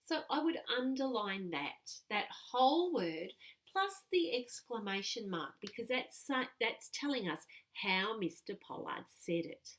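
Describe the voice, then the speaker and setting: A woman teaching a lesson to young children, patient and clear. Her pitch moves a lot as she talks, animated and bouncy, and she reads example sentences aloud with expression. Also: measured pace.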